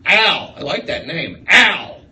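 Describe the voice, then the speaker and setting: A man doing a rambling stand-up set, riffing excitably on the crowd in a small comedy room. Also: high voice, slow. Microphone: far live-stream phone mic. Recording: echoey, distant livestream with room noise.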